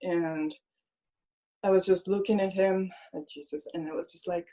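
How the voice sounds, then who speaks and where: A woman's voice: mid-range voice, steady tone, moderate pace, warm tone. A young woman sharing a personal faith story as a guest, speaking earnestly, leaning on "like" a lot and voicing her own past thoughts as quoted lines. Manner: earnest, fills speech with "like". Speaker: guest, illustrator. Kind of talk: personal faith testimony in conversation.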